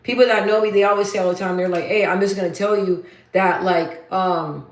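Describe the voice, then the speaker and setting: A woman hosts her own livestream in a deep, bassy voice with a mid-range pitch. She talks casually and bluntly, matter-of-fact, circling back over her points for emphasis. The room adds a noticeable echo. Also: fairly even intonation, fairly quick. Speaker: livestream host. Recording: roomy echo.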